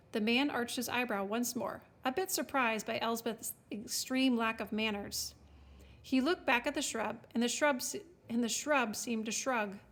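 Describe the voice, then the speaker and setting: A woman reading a storybook aloud, with wry, expressive scripted narration. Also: on the high side, moderate pace. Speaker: audiobook narrator.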